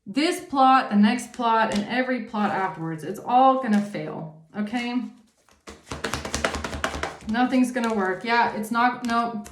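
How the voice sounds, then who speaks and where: A woman's voice: fairly high pitch, a little slow, reverberant, over music. A woman giving a casual tarot reading, talking emphatically, swearing often and checking in with the listener. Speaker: tarot reader.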